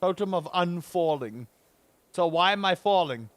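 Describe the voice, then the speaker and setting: A man's voice: high voice, expressive, measured pace. A South African man chatting casually while live-streaming a game, ranting with playful exaggeration and greeting viewers.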